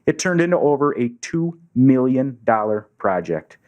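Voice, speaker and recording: A man's voice: mid-range voice, big pitch swings, normal speed, darkish tone, muffled recording. A man giving an earnest storytelling speech to a club audience in a meeting room, acting out the voices of people he quotes. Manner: earnest, acts out quoted dialogue. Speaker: Rotary district governor giving a speech.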